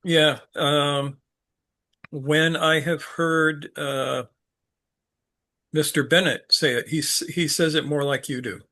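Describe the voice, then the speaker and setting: A man giving an unscripted teaching talk, halting and full of fillers, with a dry sense of humor. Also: a little high, fairly even intonation, bright, forceful tone. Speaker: speaker leading a study group talk.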